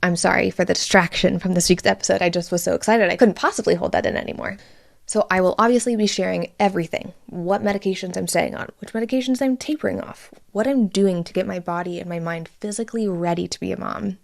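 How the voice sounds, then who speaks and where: A woman's voice: on the low side, fast talker, gravelly. A young woman hosting her own podcast, talking casually and candidly, close to tears and swearing freely as she shares news. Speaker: podcast host. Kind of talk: casual solo podcast update.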